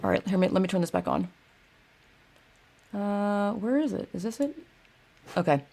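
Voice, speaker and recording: A woman's voice: medium pitch, normal speed, gravelly, warm tone. A young woman ranting casually and profanely on a livestream, talking to her chat while fumbling through her phone. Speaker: video creator ranting to live chat.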